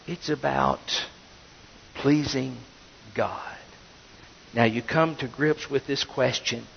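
A man preaching a sermon as pastor, swinging between loud bursts and hushed asides. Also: mid-range voice, fairly even intonation, slow pace, creaky, slight background noise. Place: church sanctuary. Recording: dull, reverberant sanctuary audio.

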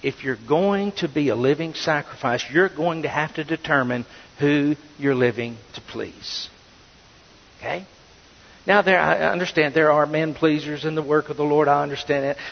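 Male preacher, fairly high-pitched, muffled sound in a reverberant sanctuary. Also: moderate pace, gravelly. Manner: preaching with sudden swings between loud and hushed. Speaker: pastor. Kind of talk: sermon. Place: church sanctuary. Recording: dull, reverberant sanctuary audio.

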